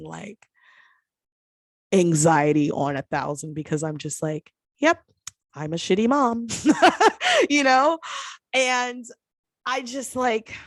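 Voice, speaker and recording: Young woman podcast host, candid casual chat, swears freely, laughs a lot, lowish voice, dry close sound. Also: dry recording. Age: 20s. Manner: frank and profane, laughs often, acts out quotes.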